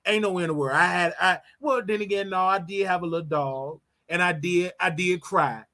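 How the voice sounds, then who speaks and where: Chicago guy hosting a gossip show, bright forceful voice, a bit high, keeps repeating himself. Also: fairly quick. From Chicago, United States. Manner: animated and opinionated, with repeated words and restarts. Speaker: show host. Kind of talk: solo commentary on celebrity gossip.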